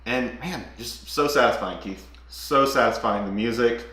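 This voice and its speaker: A man co-hosting a casual gaming talk, retelling scenes with animated energy. His voice is bright and forward, and he breaks into quick character impressions. The room gives his voice a noticeable echo. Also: medium pitch, slight background noise. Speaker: co-host of a gaming channel. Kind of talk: casual spoiler chat about a game.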